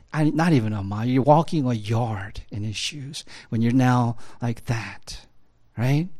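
A man's voice: mid-range voice, dark tone. A man preaching a sermon as a pastor, in a conversational style with many fillers and tag questions. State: choked up at times.

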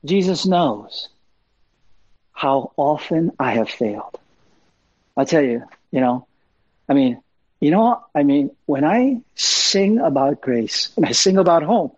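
A man preaches in a loose, conversational way, with fillers, asides and emphatic repeats. His voice sits a little high and sounds husky. The recording is dry and somewhat dull. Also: lively intonation, takes it slowly, long pauses, darkish tone, no echo. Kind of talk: sermon.

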